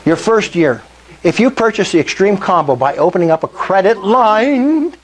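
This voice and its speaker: Selling to a live group at a meetup, an older man speaks with enthusiasm in a high-pitched voice, lively in intonation and moderate in pace. He frequently asks his audience questions along the way.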